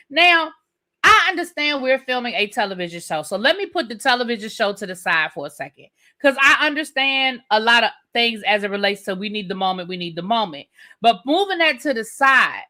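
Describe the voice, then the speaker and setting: Bright-voiced woman hosting a live rant. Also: a little high. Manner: chatty, repeats phrases for emphasis, talks to live chat. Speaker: TV review host. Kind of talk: live recap and rant, casual chat.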